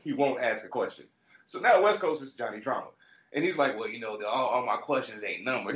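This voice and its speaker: A man co-hosting a podcast, telling a story in casual chat with lively, acted-out quotes. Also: mid-range voice, fast, roomy sound, highs cut off. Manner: animated storyteller, shouting out quoted lines. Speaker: podcast co-host.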